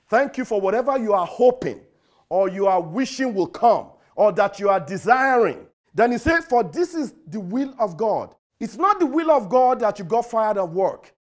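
A man with a Nigerian accent preaching a sermon in a high, bright voice. He hammers on key phrases and repeats them. His delivery rises loud and then drops soft.

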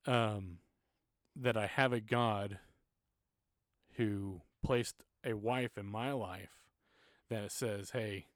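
A man's voice: lowish voice, steady tone, very slow, long pauses, no echo, studio quality. A man in his thirties, a church music minister, telling personal stories in a casual podcast chat, earnest and at times emotional.

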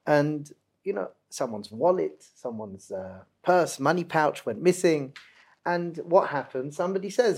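Animated man telling a story. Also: on the high side, a little slow, slightly rough. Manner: animated, swings from hushed to loud. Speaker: guest storyteller.

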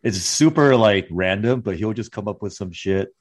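A man's voice: lowish voice, moderate pace. A man co-hosting a podcast, chatting casually and laughing easily. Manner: laughing, easygoing. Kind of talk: casual chat.

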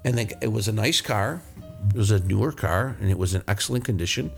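A man's voice: lowish voice, animated, brisk, gravelly, faint music behind. A male podcast host who works as a mechanic, telling blunt, profane, rambling shop stories. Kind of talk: casual podcast storytelling.

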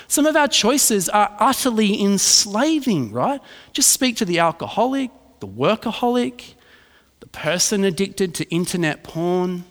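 Male pastor, conversational sermon, slightly high voice, long hall reverb. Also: fairly bright tone. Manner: conversational storytelling preaching with frequent "right?".

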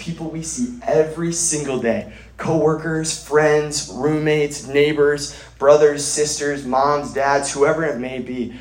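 A man's voice: fairly high pitch, roomy sound, low-quality recording. A man preaching a sermon at a church gathering, earnest, often restarting and repeating words.

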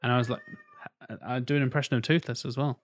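A man's voice: medium pitch, fairly even intonation, fast talker, no echo. Man, podcast co-host, casual and self-deprecating, close dry sound.

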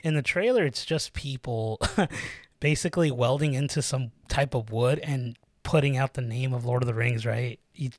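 Dude co-hosting a podcast from a tiny room, laughs a ton, dry sound. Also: male voice, mid-range voice, normal speed, dry recording. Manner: animated, laughs a lot, says dude. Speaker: podcast co-host. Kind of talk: casual podcast chat. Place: small cramped room under stairs. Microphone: not his usual mic setup.

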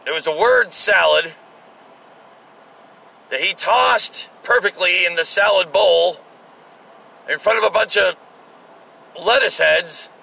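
A man's voice: sits high, slow pace, creaky, long pauses, pushed and bright, slightly rough, low-quality recording. A man giving casual, sarcastic political commentary, ranting with profanity and exasperation.

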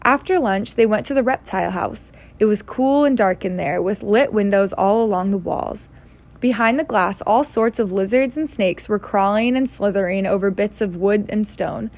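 A woman reading a novel aloud in an easygoing, unpolished way. She trips over words now and then and goes back to fix them, keeping it relaxed. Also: medium pitch, moderate pace. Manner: stumbles and laughs at her slips. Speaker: reader.

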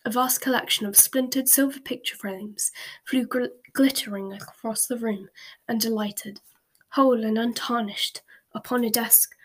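A woman reading a storybook aloud in a slow, hushed whisper, with occasional small slips. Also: fairly high pitch, steady tone. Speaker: story reader.

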